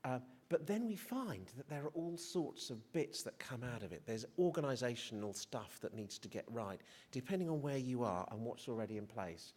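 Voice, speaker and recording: A man's voice: medium pitch, expressive, moderate pace, few pauses, a little mellow. A middle-aged male physician giving a conference presentation, hesitant and prone to restarts, with self-deprecating humour. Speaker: physician speaker. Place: conference hall.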